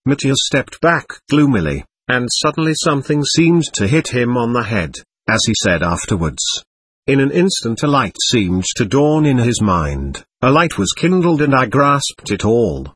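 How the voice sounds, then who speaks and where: A man narrating a classic novel as an audiobook, reading expressively and at a measured pace. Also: medium pitch, sing-song, a bit bright, breathy edge, no room sound. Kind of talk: scripted narration.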